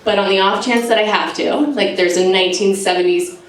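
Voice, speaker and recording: A woman's voice: medium pitch, brisk, distant mic. An American woman in her thirties performing a chatty, self-mocking stand-up set in front of a live audience. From United States. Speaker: stand-up comedian. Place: live comedy venue with audience. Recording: echoey room, mic heard from afar, crowd laughter.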